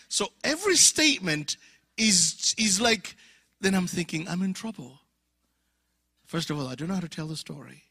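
Animated, gravelly African preacher in his fifties. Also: a little high, moderate pace, dry recording, clean studio sound. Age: 50s. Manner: animated, acts out dialogue, drops to whispers. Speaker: guest preacher. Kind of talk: storytelling sermon. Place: church conference.

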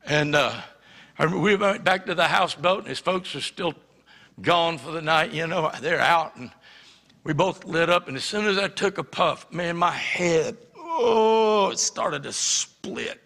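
Brief: male pastor, raspy bright voice, lively testimony from the pulpit, reverberant hall. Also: on the high side, normal speed. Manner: animated storytelling, acts out quotes. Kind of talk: sermon testimony. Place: church sanctuary.

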